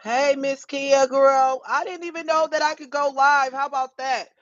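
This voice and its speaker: A woman's voice: high-pitched, fairly even intonation, normal speed, no echo. A woman hosting a casual livestream, talking bluntly and emphatically, with frequent swearing. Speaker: livestream host. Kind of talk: casual live-stream chat. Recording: dull, dry lo-fi phone audio.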